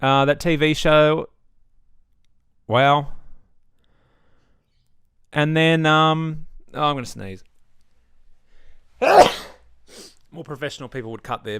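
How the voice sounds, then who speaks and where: A man's voice: on the high side, expressive, slow, pauses often, a bit bright, clean tone, no room sound. A young man, ranting casually and sarcastically at home, swearing often. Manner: ranty, sweary, sarcastic asides. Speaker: gaming vlogger. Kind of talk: casual opinion rant. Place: home setup.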